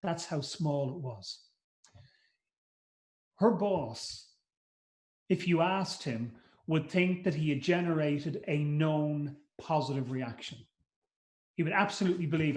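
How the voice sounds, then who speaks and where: A man's voice: on the high side, takes it slowly, pauses often. A middle-aged man giving a live masterclass at a conference, speaking conversationally, repeating words and acting out short quotes. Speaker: trainer. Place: conference room. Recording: roomy echo.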